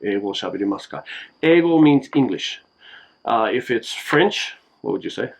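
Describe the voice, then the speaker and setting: A man casually explaining simple phrases in a home video lesson, relaxed and slow, with many fillers. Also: medium pitch, vocal fry, poor audio.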